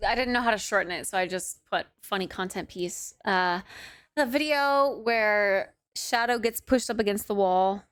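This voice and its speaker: Slow-talking cutesy woman streamer. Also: a little high, clear, resonant tone, no echo. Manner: cutesy, playful baby talk; drowsy and relaxed. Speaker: livestreamer. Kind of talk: casual chat with stream viewers. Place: her apartment.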